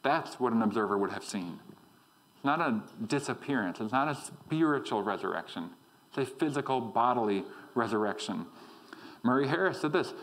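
A man preaching a sermon as a guest speaker in a church, conversational and animated, often checking in with "okay?". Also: medium pitch, rough recording.

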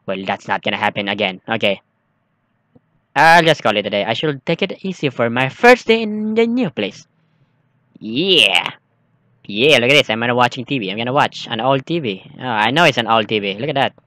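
Jumpy bright-voiced man playing a game. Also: medium pitch, expressive, normal speed, no room sound. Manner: jumpy, exclaiming, nervous chatter. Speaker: gaming streamer. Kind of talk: let's play commentary, reading game text aloud.

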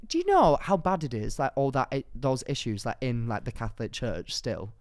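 A young man co-hosts a casual podcast, telling stories with excitable energy and sudden loud jumps. His voice is smooth and clear, recorded close and dry in a studio. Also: medium pitch, moderate pace, no room sound. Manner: excitable storytelling, rising to loud bursts. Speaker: podcast co-host. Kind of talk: casual chat.

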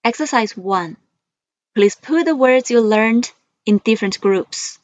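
A woman English teacher, leading a classroom vocabulary drill, saying each word twice, slow and careful for pupils to repeat. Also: a little high, animated, no echo.

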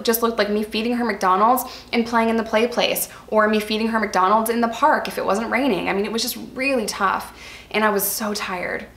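An earnest, chatty woman vlogger from New York tells candid personal stories, addressing her viewers as "you guys." Her voice is medium in pitch and a bit bright, with a roomy echo.

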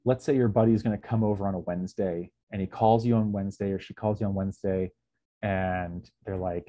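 A man's voice: low-pitched, steady tone, a little fast, warm tone, no echo. A man giving a casual slide lecture on beekeeping, with lots of ums, who sometimes acts out little dialogues. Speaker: beekeeping presenter.

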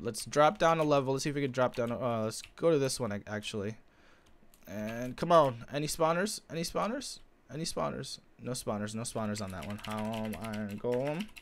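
A young man giving live commentary on his own gameplay, calm one moment and yelling with excitement the next. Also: a little high, clean tone. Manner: excitable, swings between calm narration and shouting. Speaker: gaming video host.

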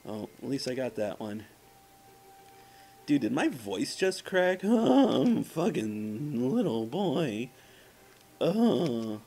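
A man's voice: medium pitch, sing-song, slow pace, gravelly, darkish tone. A man casually commenting on his gameplay, profane and self-mocking, trash-talking the game's enemies. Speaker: let's play gamer.

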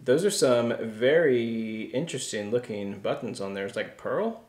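A man's voice: medium pitch, expressive, echoey room. A man from South Africa, co-hosting a reselling vlog in an upbeat, chatty way. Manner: upbeat, chatty, quick to laugh. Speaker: reseller vlogger, co-host. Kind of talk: casual chat.

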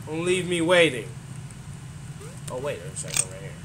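A young man giving loud, profane commentary while playing a video game, yelling at enemies. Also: mid-range voice, big pitch swings, normal speed, long pauses. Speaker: gaming YouTuber. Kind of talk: gameplay commentary. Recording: loud background game noise.

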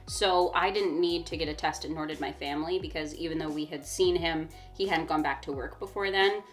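A young woman co-hosting a casual storytime vlog, talking in a chatty, emphatic way and laughing often. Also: low-pitched. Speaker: vlog co-host.

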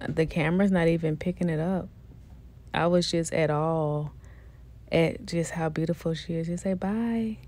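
A woman chatting excitedly to viewers as she unboxes a doll, gushing and repeating her praise, with features. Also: sits low, a little slow. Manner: gushing, repeats herself, talks to viewers directly.

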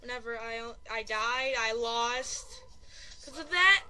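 A woman giving live commentary over a video game, excitable and panicky, exclaiming and repeating herself and running herself down as a player. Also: a little high, takes it slowly. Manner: self-deprecating chatter. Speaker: gaming channel host.

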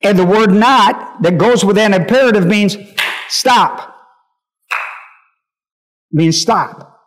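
A man's voice: sits high, slow pace, fairly bright tone. A male pastor teaching a Bible lesson, emphatic, repeating key phrases and often asking whether listeners understand.

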